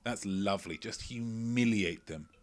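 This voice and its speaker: Unhurried and fairly low-pitched, a man runs a live-streamed quiz indoors at home. He goes through the chat messages out loud, peppering them with rambling, playful asides.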